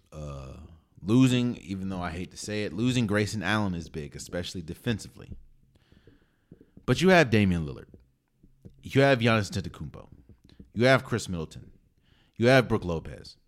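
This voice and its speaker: A man's voice: fairly low pitch, sing-song, moderate pace, pauses often. A man hosting a podcast, talking through his sports opinions casually and emphatically, with frequent restarts. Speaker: podcast host.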